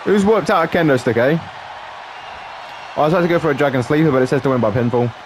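A man's voice: on the high side, quick pace, crowd noise, noisy background. A man giving casual, joking let's-play commentary, laughing often and calling people mate. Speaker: gameplay commentator.

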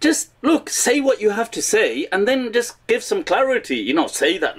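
A man's voice: high voice, very animated, normal speed, hardly any pauses, husky. A man giving mocking commentary, telling a story with frequent laughter and Urdu phrases mixed into his English. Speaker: online commentator.

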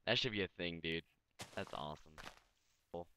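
A young man hosting a casual let's-play, sounding tired and mumbling, then bursting into excited outbursts. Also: sits low, moderate pace, a little hiss or hum. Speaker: gaming channel host.

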